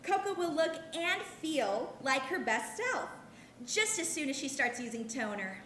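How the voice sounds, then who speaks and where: A woman playing a prim, polished troop leader, high voice, salesy, staged play reading, echoey hall. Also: big pitch swings, unhurried, a bit bright, a little hiss or hum, heavily acted.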